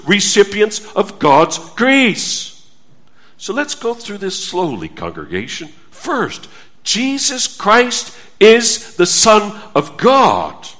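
Slow, high-voiced preaching pastor. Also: male voice, fairly bright tone. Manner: slow, emphatic preaching with scripture quotations. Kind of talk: sermon.

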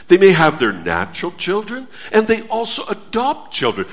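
A male pastor preaching a sermon to his congregation, slow and emphatic, quoting scripture. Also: sits high, wildly swooping pitch.

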